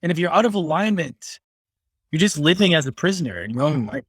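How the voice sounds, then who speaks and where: A podcast host in casual conversation, agreeing eagerly with his guest and nudging him on with questions. His voice sits a touch higher than average, recorded dry and close. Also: big pitch swings, brisk, breathy edge, dry recording. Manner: affirming, eager, says "yeah" and "man". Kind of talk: casual interview chat.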